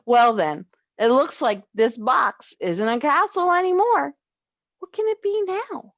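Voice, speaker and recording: A woman's voice: sits high, expressive, a little slow, dry recording, dull audio, voice pushed up. A woman voicing a cheerful, playful father in a children's story read aloud. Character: cheerful playful dad, adult man.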